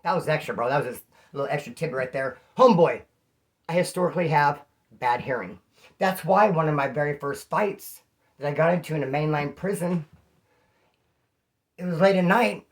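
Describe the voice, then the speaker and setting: A man's voice: fairly high pitch, fairly quick, long pauses. Slangy man telling prison stories. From California. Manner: slangy, rambling, calls listeners homeboy. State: throat issue, slightly hoarse. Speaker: vlogger. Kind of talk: casual storytelling to camera.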